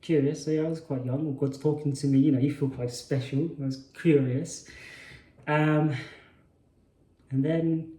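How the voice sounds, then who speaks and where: A man's voice: fairly high pitch, fairly even intonation, measured pace, long pauses, warm tone. A man telling a personal story in a hesitant way, often restarting and correcting himself. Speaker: spiritual channel host. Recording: roomy echo.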